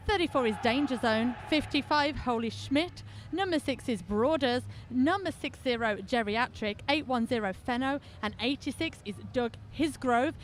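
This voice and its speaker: A high, bright-toned woman commentates a live roller derby bout, chatty and playful, bantering with her partner between calls. She is from New Zealand. A faint hum of the venue sits behind her voice.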